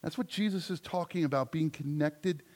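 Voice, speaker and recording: A male pastor preaching a sermon, emphatic, moving between loud declarations and soft asides. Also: fairly high pitch, normal speed.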